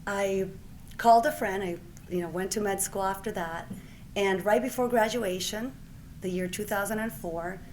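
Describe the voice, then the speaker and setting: A Puerto Rican physician in her forties gives an award acceptance speech, telling a personal story at normal speed in a medium-pitched voice, with slight background noise. She's a lively storyteller who acts out the exchanges she recounts.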